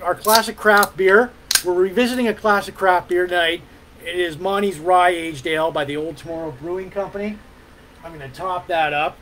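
A man's voice: high voice, fairly bright tone, slight background noise, rough recording. A middle-aged man hosting a podcast in casual rambling chat, loose and full of fillers and hums, with the odd swear. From Ontario, Canada. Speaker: podcast host.

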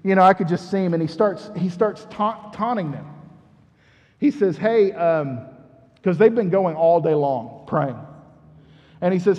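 A man's voice: high voice, measured pace, long pauses, a little mellow, in a large hall, dull audio. A man preaching a sermon in a conversational, storytelling way, asking the congregation questions as he goes. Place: church sanctuary.

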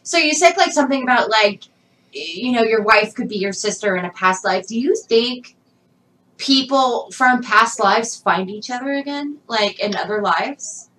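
Woman on a podcast asking questions, kinda high voice, curious. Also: moderate pace, a bit bright, rough recording. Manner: curious, uses "like" often. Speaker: podcast co-host. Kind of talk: interview questions.

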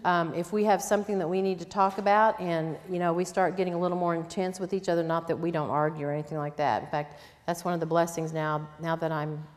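A woman's voice: lowish voice, a little mellow. An older woman teaching a conference sermon on parenting, earnest and plain-spoken, with quoted asides. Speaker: conference speaker. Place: church conference hall. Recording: long reverb in a hall.

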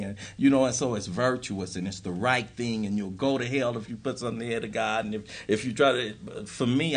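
A man speaking to a live audience at a recovery workshop in a meeting room. He talks bluntly and emphatically, hammering points home with short, repeated lines. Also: mid-range voice.

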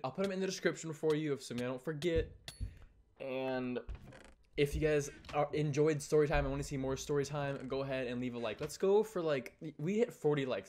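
A man's voice: mid-range voice, darkish tone. A teenage guy telling a story to his viewers in a casual vlog. He sounds exasperated and rambles with frequent restarts. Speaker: YouTuber.

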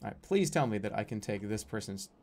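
A man's voice: on the low side, expressive, fast, gravelly, a little mellow. Jokey man streaming a game. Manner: jokey, easily exasperated, swearing outbursts. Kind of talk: let's-play commentary.

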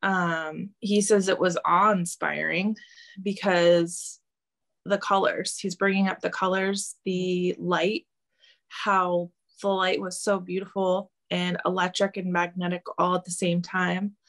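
A woman working as a medium, relaying a spirit's answers in a hesitant interview with many pauses and ums. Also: on the low side, level tone, vocal fry, a bit bright. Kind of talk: channeling interview, relaying quotes.

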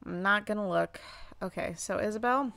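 A young woman chatting casually over her gameplay, excitable, squealing and swearing at what happens on screen. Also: medium pitch, moderate pace, creaky. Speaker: gaming channel host.

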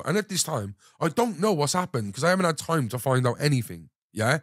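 A man hosting a podcast, telling a story in casual chat, animated and full of swearing. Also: fairly high pitch, a little fast, no echo, studio quality. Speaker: podcast host.

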